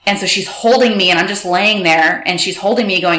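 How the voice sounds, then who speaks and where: A woman recounting a personal story with emotion, halting and restarting, quoting others in quick bursts. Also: mid-range voice, a bit bright, reverberant. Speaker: guest telling her story.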